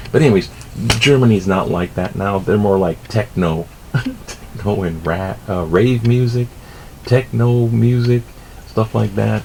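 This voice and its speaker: A man's voice: lowish voice, slow, gravelly, a little mellow, slight background noise, rough recording. A middle-aged man giving rambling, casual news commentary, self-amused and swearing offhandedly. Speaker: vlogger reading the news.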